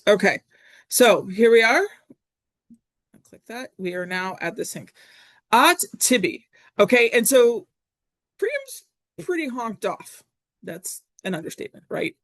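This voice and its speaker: A woman teaching a Latin poetry lesson in a chatty, casual way, often pausing with fillers and correcting herself as she works through the text. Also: mid-range voice, no echo. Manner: chatty, self-correcting, frequent ums. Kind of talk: recorded classroom lesson.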